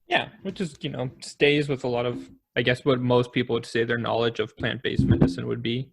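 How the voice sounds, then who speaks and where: A man with a gravelly, creaky voice co-hosts a casual history podcast. He muses and thinks aloud, offering guesses in relaxed conversation. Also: medium pitch, fairly quick. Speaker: podcast co-host.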